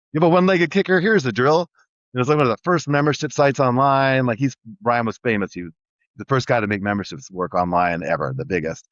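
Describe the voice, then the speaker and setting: A middle-aged man speaks quickly in a lowish voice, piling up restarts as he rambles through his story. The sound is dry and slightly dull, with no room echo. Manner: rambling, energetic, full of restarts. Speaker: guest entrepreneur. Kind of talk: casual storytelling interview.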